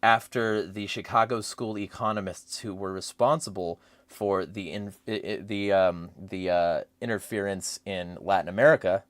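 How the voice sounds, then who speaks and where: Male host, lower register, dry sound; profane, rambling political rant. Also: moderate pace, hardly any pauses, no echo. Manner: profane, rambling, animated rants. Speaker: podcast host. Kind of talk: casual political chat.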